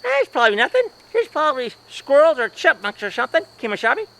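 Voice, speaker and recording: A cheeky, teasing sidekick companion, put on by a performer in a homemade comedy sketch. The voice sits high and bright, drawling and giggly, with pitch bouncing up and down. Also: very animated, quick pace, heavily acted, poor audio.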